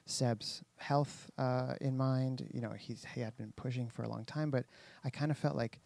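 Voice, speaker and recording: Gravelly, mellow-voiced man telling a story. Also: mid-range voice, steady tone, moderate pace, no room sound. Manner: rambling storyteller, many fillers and restarts, acts out quotes. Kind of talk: casual chat.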